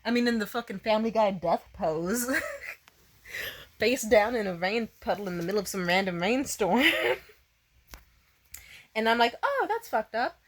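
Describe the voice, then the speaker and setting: A woman's voice: medium pitch, a little slow, pauses often. A woman vlogger casually telling a story, swearing freely, laughing often and saying "like" a lot. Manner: profane, laughs often, lots of "like".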